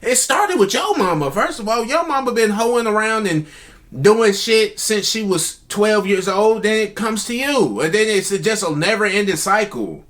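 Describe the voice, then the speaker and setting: A young man hosting a reaction video, talking casually in an animated, mocking way as he comments on clips. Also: high voice, moderate pace.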